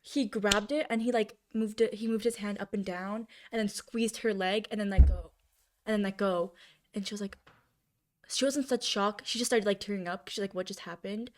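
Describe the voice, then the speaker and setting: The young woman co-hosting the podcast talks fairly quickly in a mid-range voice with fairly even intonation. She chats casually, spinning rambling stories stuffed with fillers.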